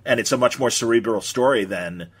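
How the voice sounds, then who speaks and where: A man's voice: mid-range voice, a little fast, breathy edge. A man hosting a podcast in casual chat, talking with easy enthusiasm. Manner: chatty, enthusiastic about films and comics. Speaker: podcast host.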